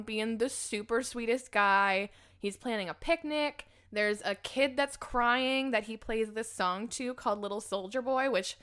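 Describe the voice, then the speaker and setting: A woman's voice: a little high, a bit bright, clean tone. A woman co-hosting a podcast, retelling an episode in casual chat, emotional and full of fillers. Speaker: podcast co-host.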